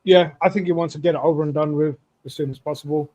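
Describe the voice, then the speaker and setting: Halting man with a higher voice. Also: steady tone, a little mellow, poor audio. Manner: halting, many fillers and restarts. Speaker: podcast co-host. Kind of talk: casual sports talk.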